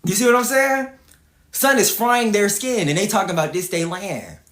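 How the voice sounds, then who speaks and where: A man's voice: high voice, lively intonation, moderate pace, a bit bright, echoey room. A man from Atlanta, hosting a livestreamed rant in a profane, combative way and repeating himself. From Atlanta, Georgia, US. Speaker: livestream host.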